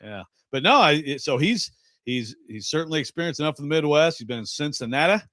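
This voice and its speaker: A man's voice: a little high, lively intonation, fairly quick, a bit bright, dry recording. A man from Western Michigan co-hosting sports radio, chatting in a rambling, jokey way. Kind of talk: casual radio banter.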